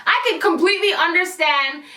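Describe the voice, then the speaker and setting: Sassy, high, bright-voiced woman vlogger. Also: moderate pace, reverberant. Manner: sassy, slangy and animated. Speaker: YouTuber. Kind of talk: storytime vlog.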